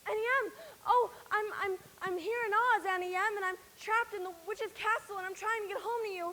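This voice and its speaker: A woman's voice: very high voice, fairly even intonation, brisk, pushed and bright. A teenage girl playing a frightened young farm girl in a school stage play, pleading and stammering through tears. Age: teens. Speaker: student actor.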